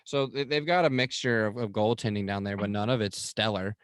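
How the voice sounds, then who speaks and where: Low-voiced man reading hockey stats. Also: fairly quick, smooth, no echo, studio quality. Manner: rattles off statistics with many ums and uhs. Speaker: podcast co-host. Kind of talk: casual sports chat reading stats.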